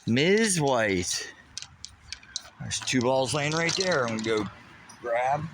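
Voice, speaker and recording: A man's voice: mid-range voice, moderate pace, noisy background. A man from Western Pennsylvania with that region's accent, casually chatting to his chat while walking a golf course outdoors. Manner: chatty, reads chat aloud, swears casually. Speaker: streamer. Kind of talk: casual live-stream golf vlog.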